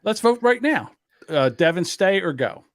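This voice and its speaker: A man's voice: sits high, very animated, normal speed, no room sound, clean studio sound. A man hosting a podcast, chatting casually and joking, with loose restarts. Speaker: podcast host. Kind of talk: casual chat.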